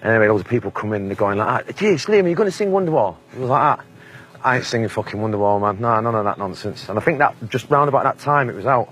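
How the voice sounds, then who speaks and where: A man's voice: on the low side, quick pace, a bit bright, soft background music. A Mancunian man in his forties, telling blunt, sweary anecdotes in a casual interview and laughing often. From England.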